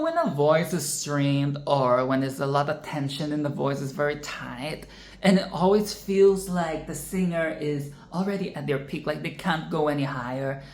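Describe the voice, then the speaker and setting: Slow-talking chatty woman, echoey room. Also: low-pitched. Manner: chatty, self-interrupting, breaks into sung and exaggerated demonstrations. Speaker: singing tutorial host. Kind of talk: casual vocal lesson with sung demos.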